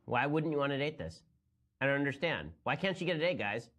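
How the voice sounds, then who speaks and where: A man giving political commentary, talking quickly in a mocking, incredulous manner. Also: medium pitch, expressive, fairly bright tone.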